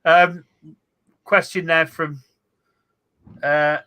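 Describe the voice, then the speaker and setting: An English man hosts a chat over a video call with a bright, edgy tone and a fairly high voice. He is courteous, thanking people and passing on questions. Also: level tone, very slow, clear, resonant tone. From Nottingham, England. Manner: polite and courteous, thanking guests and relaying questions. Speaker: host. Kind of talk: hosting an online interview.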